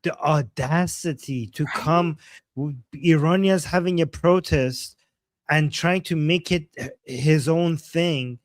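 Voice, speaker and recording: A man's voice: fairly high pitch, takes it slowly, no echo. A man co-hosting a political commentary, reacting bluntly and indignantly. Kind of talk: casual commentary.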